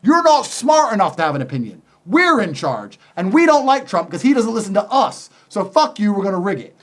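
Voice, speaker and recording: A man as a podcast guest, delivering a forceful monologue full of swearing and rhetorical questions. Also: high voice, big pitch swings, a little fast. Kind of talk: heated monologue.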